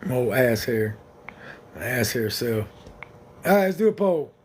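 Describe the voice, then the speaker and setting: A man's voice: medium pitch, sing-song, measured pace, slight background noise. A man hosting a casual livestream, talking to viewers in a blunt, rambling, joking way. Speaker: livestream host.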